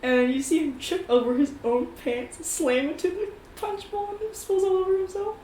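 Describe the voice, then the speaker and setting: A woman telling her character's scene in a tabletop role-play game, animated and laughing often. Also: very high voice, moderate pace, a little hiss or hum. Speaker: player narrating her character. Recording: echoey room with faint ambience.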